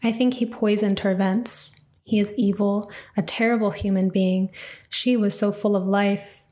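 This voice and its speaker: A woman voicing a calm, mysterious wanderer. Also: mid-range voice, a little slow, lightly acted. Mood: grim.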